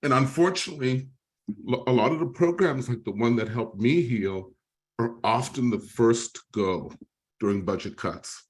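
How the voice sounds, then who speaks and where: A man's voice: mid-range voice, normal speed. A middle-aged man giving a talk on a video call, telling his own recovery story, close to tears and apologetic at times. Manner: emotional, tearful at moments, apologetic. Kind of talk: presentation with personal testimony.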